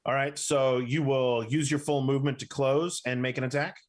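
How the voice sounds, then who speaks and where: A man narrating a tabletop game as its game master, describing scenes slowly and deliberately. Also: mid-range voice, fairly even intonation, slight background noise.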